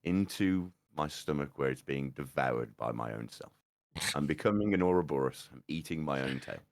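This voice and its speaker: A man's voice: rumbling low, lively intonation, moderate pace. A man co-hosting a podcast, rambling and joking through the sign-off with casual swearing. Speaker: podcast co-host.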